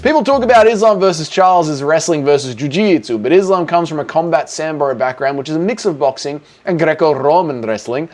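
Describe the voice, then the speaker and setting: A man's voice: a little high, lively intonation, a little fast, hardly any pauses, a little mellow, faint music behind. An Australian man hosting a livestream Q&A, reading chat in a crude, casual way with lots of swearing. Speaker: streamer host.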